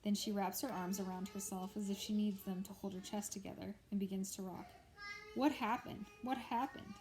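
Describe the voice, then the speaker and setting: A woman reading a novel aloud in a steady storytelling voice. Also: mid-range voice, fairly quick, noisy background. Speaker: audiobook reader. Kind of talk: scripted narration of a novel.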